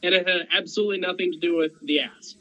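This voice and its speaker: A man's voice: sits high, fairly even intonation, fast talker, pushed and bright, lo-fi sound. A man chatting as a guest on a live stream, with dry, self-deprecating humor. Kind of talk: casual chat.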